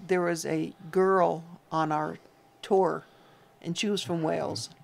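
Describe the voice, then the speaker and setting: A woman co-hosts a homestead livestream, reading viewer names and comments in a teasing, chatty way. Her voice is low and gravelly, with a steady tone, and she takes her time.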